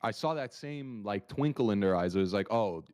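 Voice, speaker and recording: A man co-hosting a market analysis livestream, talking in an animated, rambling way with many restarts. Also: lowish voice, fairly quick, clean tone. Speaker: market analyst stream co-host. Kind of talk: casual livestream chat.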